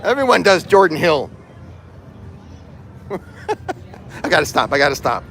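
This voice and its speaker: A man's voice: fairly high pitch, sing-song, slow, a bit bright. A man hosting a casual livestream while walking through a theme park, joking and laughing at his own jokes. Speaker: livestream host. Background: music and crowd in the background.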